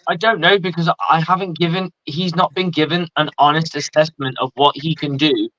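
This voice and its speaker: A man hosting a casual sports talk show, excitable, swearing and restarting his sentences. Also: fairly high pitch, fairly quick. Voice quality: excitable and profane, many restarts. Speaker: host. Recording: dry, dull lo-fi sound.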